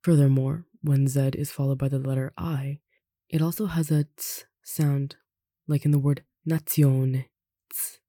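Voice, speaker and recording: A language tutor reading a pronunciation lesson aloud in an unhurried way, slowly spelling out examples and adding light asides. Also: mid-range voice, little pitch movement, warm tone, dry recording, clean studio sound. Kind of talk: reading an instructional text aloud.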